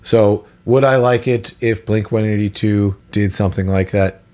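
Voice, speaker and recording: A man's voice: on the low side, fairly even intonation, moderate pace, warm tone. A man co-hosting a podcast in casual chat, opinionated and rambling with restarts. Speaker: podcast co-host.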